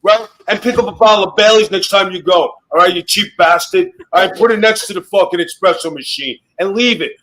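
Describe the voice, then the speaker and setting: Brash, swearing high-voiced man. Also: fairly quick, hardly any pauses, pushed and bright, low-quality recording. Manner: brash mock-mobster roasting, heavy swearing. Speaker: guest on a wrestling podcast. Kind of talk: profane roast and storytelling.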